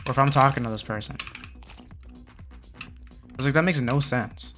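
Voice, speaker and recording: Young male gamer, mid pitch, laid-back slangy chat with faint music underneath. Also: normal speed, fairly bright tone. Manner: slangy storytelling with many fillers; muttering game commentary. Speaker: gaming channel host. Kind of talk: casual chat while playing a game.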